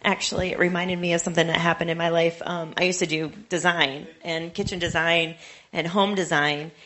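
A woman's voice: on the low side, fairly even intonation, brisk, a bit bright. A woman in the congregation telling a story from her own life, speaking conversationally with light hesitations. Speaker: congregation member sharing a story. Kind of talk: casual testimony.

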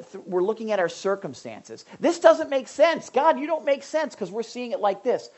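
A woman preaching a conversational sermon, often asking her listeners questions and restarting her sentences. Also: medium pitch. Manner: asks the audience questions, frequent restarts.

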